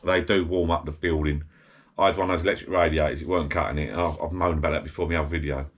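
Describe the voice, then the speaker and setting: This middle-aged vlogger talks rapid-fire in a rumbling low, steady voice, rambling chattily to camera while slightly tipsy in his small garden shed bar. He interrupts himself throughout the casual chat.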